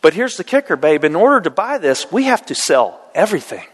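A man voicing an excited husband eagerly persuading his wife, heard in an echoey hall. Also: on the high side, brisk, breathy edge. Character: excited eager husband, a real estate agent.

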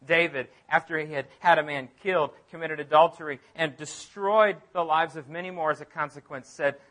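A man preaching a sermon as pastor, emphatic, repeating phrases and swinging from loud declarations to near-quiet asides. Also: a little high, a little fast, few pauses.

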